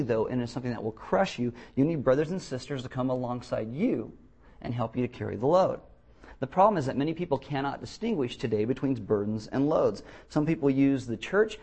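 A man's voice: medium pitch, a little mellow. A man preaching a sermon as pastor of a church, telling blunt stories with jokes. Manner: blunt, joking storyteller. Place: church, before a congregation.

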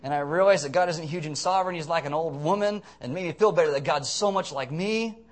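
A man's voice: mid-range voice, very fast, a bit bright, natural voice. A man playing a self-pitying, comfortable churchgoer in a sarcastic, mock-earnest sermon bit.

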